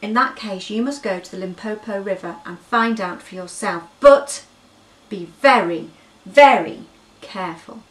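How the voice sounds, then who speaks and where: A woman's voice: mid-range voice, moderate pace, few pauses, bright, forceful tone, echoey room, far from the mic, close to an everyday voice, low-quality recording. A woman voicing a kindly, cautious jungle bird who warns of danger. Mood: grave warning.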